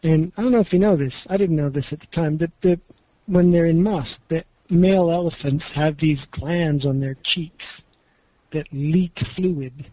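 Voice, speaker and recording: A man's voice: on the high side, moderate pace, narrow, tinny audio, slight background noise. A man co-hosting a podcast, telling a travel story in a rambling, casual way with laughs. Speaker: podcast co-host.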